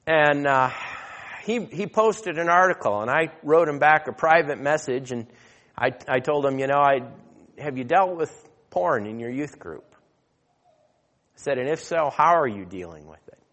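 A man preaching a sermon, telling a story and then growing loud and emphatic as he exhorts. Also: fairly high pitch, lively intonation, measured pace. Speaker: pastor. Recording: long hall reverb.

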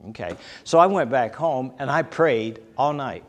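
A man's voice: mid-range voice, big pitch swings, normal speed, few pauses. Older male preacher, folksy storyteller, chuckles between anecdotes, hall reverb. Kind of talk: folksy sermon with personal stories.

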